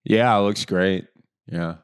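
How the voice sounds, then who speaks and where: A man with a smooth, resonant voice hosts a casual podcast. His voice sits fairly low, and he keeps things easygoing, asking loose, rambling questions and laughing along with his guest. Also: takes it slowly. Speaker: podcast host.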